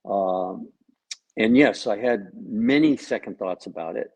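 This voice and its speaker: A man's voice: on the low side, unhurried, a little mellow, muffled recording. A man being interviewed about his acting role on a video call. He talks in a joking way and tells stories that quote other people's lines. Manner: jokey, tells anecdotes with quoted dialogue. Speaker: actor and guest. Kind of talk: casual interview chat, storytelling.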